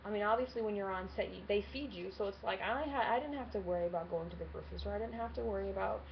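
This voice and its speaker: A woman in her twenties talks straight to camera in a casual home vlog, open and blunt, with plenty of swearing and laughter. Her voice sits at an ordinary middle pitch for a woman. It comes through a slightly dull, lo-fi webcam mic with a faint hiss behind it. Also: rapid-fire, gravelly. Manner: candid, swears a lot, laughs often. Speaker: vlogger.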